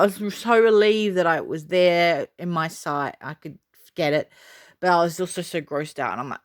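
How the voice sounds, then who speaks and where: A woman talks straight to camera in a casual vlog, her voice sitting a little low. She is chatty and excitable and fills her pauses with ums. The delivery is loose and conversational. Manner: chatty and excitable, many fillers. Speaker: doll collector vlogger.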